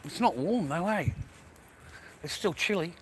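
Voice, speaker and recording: A man's voice: sits high, animated, a little slow, a little hiss or hum. An Australian man ranting to camera in a mocking, sarcastic way, swearing freely as he talks. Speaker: vlogger.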